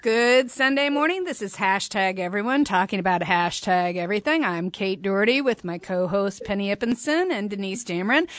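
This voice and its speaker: A woman's voice: medium pitch, a little fast, hardly any pauses, soft background music. A middle-aged woman hosting a talk show, telling a personal story and acting out the dialogue. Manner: animated, acts out quoted dialogue. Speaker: host.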